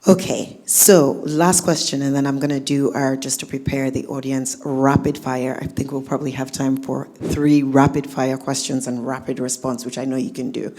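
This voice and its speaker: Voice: medium pitch, level tone, moderate pace, hardly any pauses, darkish tone. A moderator guiding a panel discussion in an upbeat way.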